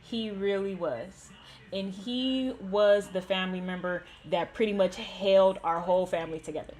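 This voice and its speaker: A woman's voice: mid-range voice, moderate pace, a little mellow. A young woman, host of a gaming channel, telling a painful personal story candidly, with many "like" fillers.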